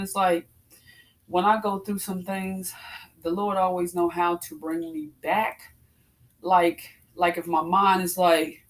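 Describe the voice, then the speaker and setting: Chatty woman talking through a workout. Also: lowish voice. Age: 40s. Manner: chatty, addresses viewers as y'all, breathy exclamations between exercises. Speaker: fitness vlogger. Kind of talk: casual chat while working out.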